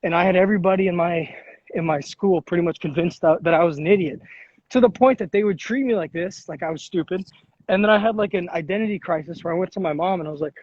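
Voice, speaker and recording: Young male podcast host, high pitch, storytelling and cursing, lo-fi sound. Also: fast, darkish tone, breathy edge, no room sound. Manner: swearing, storytelling, acts out quoted voices. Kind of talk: casual chat. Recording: dull lo-fi sound.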